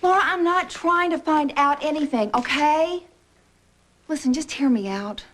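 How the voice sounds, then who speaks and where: An actress with a Southern US accent playing a devoted, worried best friend in a soap opera, from an old TV tape. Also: female voice, high-pitched, unhurried. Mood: insistent. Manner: warm, insistent. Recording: old TV tape with faint hiss.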